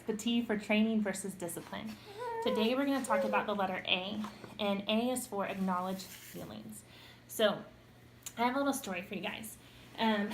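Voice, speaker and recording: Chatty young mom vlogger. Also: female voice, medium pitch, slight background noise. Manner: chatty, with frequent ums and self-corrections. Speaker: parenting vlogger. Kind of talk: casual talk to camera.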